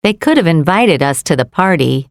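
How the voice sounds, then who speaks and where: A woman reading pronunciation example sentences in a clear, demonstrative way. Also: sits low, very animated, normal speed, no room sound, studio quality.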